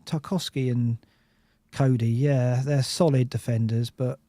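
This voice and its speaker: A man's voice: medium pitch, fairly even intonation, unhurried, warm tone, no room sound. A man co-hosting a football podcast, chatty, laughing easily and restarting his sentences. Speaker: podcast co-host. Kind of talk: casual football chat.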